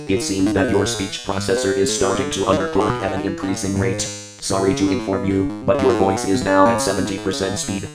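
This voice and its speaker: A synthesized man as a flat, calm repair robot. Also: sits low, natural voice, rough recording. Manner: calm, technical, matter-of-fact. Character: helpful male repair robot. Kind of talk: text-to-speech comedy skit. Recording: loud guitar music under the voice. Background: plucked guitar music.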